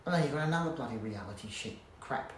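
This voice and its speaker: Man, casual vlog rant, halting and sweary, echoey home recording. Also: mid-range voice, expressive. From Australia. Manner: rambling, halting restarts, blunt swearing. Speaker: vlogger. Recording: roomy echo, faint background hum.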